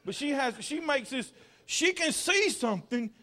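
A man's voice: very high voice, sing-song, moderate pace, bright, forceful tone. A man preaching a sermon in church, telling folksy stories, repeating his words and building to fervent peaks. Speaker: pastor. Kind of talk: sermon with personal anecdotes.

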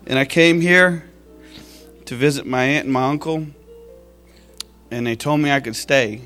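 A man's voice: mid-range voice, measured pace, a bit bright, soft background music. Heartfelt man giving church testimony. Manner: heartfelt, tearful at times, laughing at his own story.

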